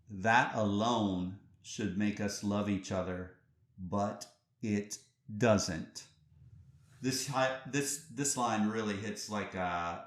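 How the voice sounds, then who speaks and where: Guy doing a solo podcast monologue, earnest and chatty, lots of restarts and questions, a bit echoey. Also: medium pitch. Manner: earnest, conversational, with frequent restarts and rhetorical questions. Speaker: podcast host. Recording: roomy echo.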